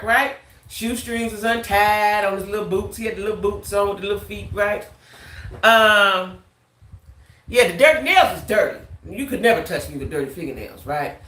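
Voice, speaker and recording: A woman vlogger with a bright, forward, mid-range voice tells her viewers a story in an animated, casual way. She keeps tagging lines with a quick "right?", and the room echoes around her.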